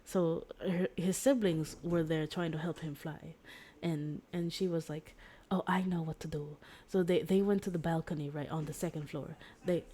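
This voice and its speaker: Young woman streamer rambling thru a story, kinda low voice, says like a lot, giggly. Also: moderate pace, hardly any pauses. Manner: rambling, full of "like" and restarts; giggly, excitable. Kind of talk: casual chat retelling a story. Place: home streaming setup.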